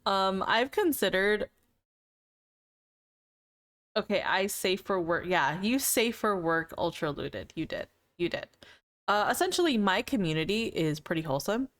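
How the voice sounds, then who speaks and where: A woman's voice: mid-range voice, expressive, a little slow, a bit bright. A woman streamer in casual live-stream chat with viewers, playful and teasing, laughing often between remarks.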